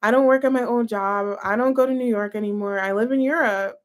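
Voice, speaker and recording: A young woman with a high voice gives a casual tarot reading. She talks in a gushing, chatty way, speaking straight to her viewers. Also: steady tone, a little fast. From United States. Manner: gushing, chatty, full of "like" and "you guys". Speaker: tarot reader.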